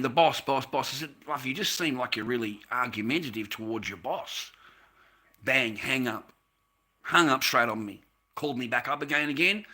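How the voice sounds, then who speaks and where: A man's voice: mid-range voice, lively intonation, moderate pace, pushed and bright. A man, ranting bluntly and profanely on a casual livestream. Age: 50s. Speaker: livestream host.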